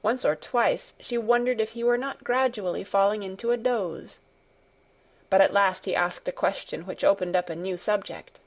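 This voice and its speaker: A woman reads a classic novel aloud as an audiobook, at a middle pitch. Her delivery is soft and even, and her pacing is relaxed, as if she were telling a bedtime story. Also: moderate pace. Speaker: audiobook narrator. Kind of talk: calm scripted audiobook narration.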